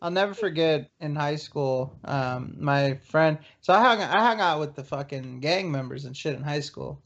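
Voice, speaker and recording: A man's voice: on the high side, lively intonation, normal speed, fairly bright tone. A man hosting a podcast, telling crude, laugh-filled stories in casual chat over a voice call. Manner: crude, storytelling, laughs a lot. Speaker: podcast host. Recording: dull lo-fi voice call audio.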